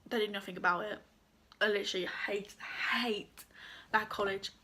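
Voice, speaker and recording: A young woman vlogger telling a casual storytime, chatty with lots of fillers, her voice a bit croaky. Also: medium pitch, level tone, normal speed, bright, forceful tone. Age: young adult.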